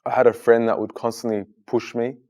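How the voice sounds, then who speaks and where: Man in his 30s, interview guest, earnest, chatty storytelling, mid pitch. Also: level tone, fairly quick, dark tone. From Australia. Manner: earnest, conversational, many "like" fillers.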